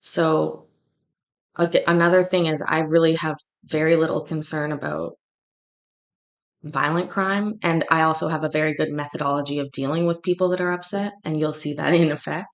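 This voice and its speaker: A woman's voice: low-pitched, normal speed, vocal fry. Chatty Canadian woman telling a story. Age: adult, has a daughter. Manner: rambling, animated, many restarts and fillers. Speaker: livestream host. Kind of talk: casual storytelling chat.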